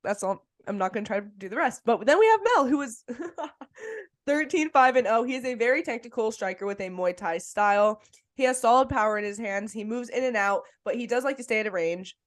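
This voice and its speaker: A woman's voice: medium pitch, quick pace. A woman co-hosting a casual sports podcast, talking with enthusiasm and laughing often. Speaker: podcast co-host.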